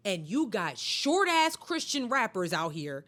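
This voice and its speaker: A woman's voice: mid-range voice, very animated, measured pace, a bit bright. A woman co-hosting a podcast in heated casual chat, ranting with angry, profane emphasis. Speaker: podcast co-host.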